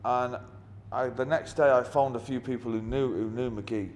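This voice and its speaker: Middle-aged Mancunian musician, blunt and sweary, mid-pitched, recorded with a long reverb tail and faint ambient hiss. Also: male voice, steady tone, normal speed. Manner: blunt, heavy swearing, wry. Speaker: musician being interviewed. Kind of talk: anecdotal interview storytelling.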